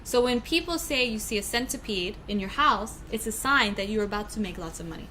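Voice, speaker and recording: A woman's voice: medium pitch, lively intonation, a little fast, bright, forceful tone, slight background noise. A woman co-hosting a casual livestream from a room at home, reading out viewer comments and chatting about them. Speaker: livestream co-host.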